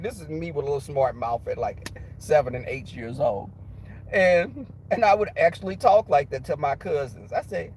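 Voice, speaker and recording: High-pitched male streamer with a cold, animated and foul-mouthed storyteller. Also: moderate pace, slight background noise, rough recording. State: has a cold. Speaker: livestream host. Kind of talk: casual storytelling.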